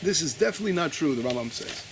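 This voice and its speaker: A male rabbi teaching Torah. He stops to search his papers, stumbles and repeats words, and reads his quotes slowly with weight. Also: a little high, expressive, faint music behind. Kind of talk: Torah lesson.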